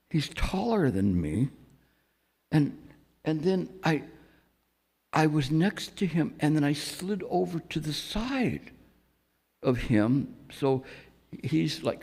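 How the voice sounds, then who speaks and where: Slow, gravelly-voiced man teaching meditation. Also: a little high, big pitch swings, dark tone, in a large hall. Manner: reflective, halting storytelling with frequent restarts. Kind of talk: dharma talk. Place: meditation center hall. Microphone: microphone on a stand.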